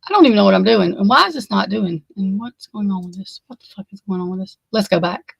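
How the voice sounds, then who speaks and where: A woman's voice: mid-range voice, animated, fast, gravelly, slightly rough, no room sound, poor audio. Flustered, swearing woman livestreaming. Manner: flustered, rambling, swears freely. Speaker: livestream host. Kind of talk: casual livestream chat.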